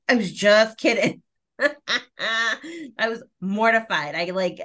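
Speaking slowly in a higher-pitched voice, a woman pauses often as she co-hosts a podcast. It's a relaxed chat where she tells lively stories and laughs often.

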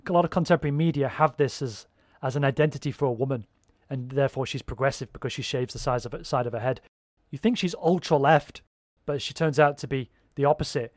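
A man's voice: mid-range voice, fast, few pauses, no echo, studio quality. A man in casual chat, rambling and swearing freely as he talks.

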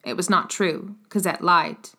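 A woman narrating a classic novel as an audiobook, in a measured, steady reading. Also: lowish voice.

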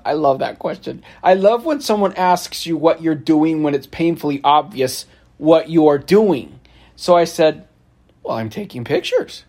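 A man telling a story from his travels in a casual, wry way, often laughing and acting out the back-and-forth. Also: a little high. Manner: laughs often, animated storytelling with quoted exchanges; sarcastic, wry.

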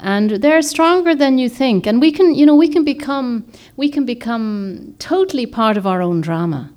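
A woman's voice: a little high, expressive, moderate pace, a little mellow. A woman author giving a reflective, rambling talk to a group, often searching for words and restarting her sentences. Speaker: author and speaker.

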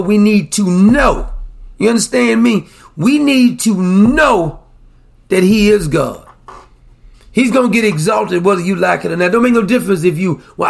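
A male preacher with a high voice that carries heavy gravel and a husky rasp. He swings between quick, down-to-earth asides and slow, drawn-out declarations. His sermon is fervent and scolding.

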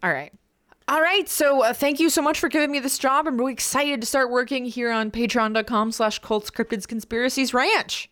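A woman's voice: a little high, steady tone, a bit bright. An American woman co-hosting a podcast, playfully improvising a comedy bit with her co-host. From United States. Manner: playful, quick to go along with the bit.

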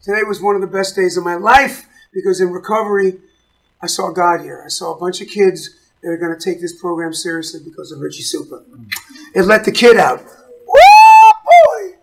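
A man hosting a recovery show, talking in an excitable, emotional way and breaking into joyful shouts. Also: sits high, a little fast, vocal fry, rough recording. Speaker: host of a recovery program show. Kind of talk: enthusiastic show segment.

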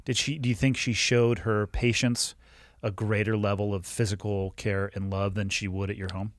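A man hosting a casual podcast interview, with a fairly low voice. He drops short reactions and probing follow-up questions, recorded dry and close to the mic. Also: flat delivery, normal speed, no echo. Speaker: podcast host.

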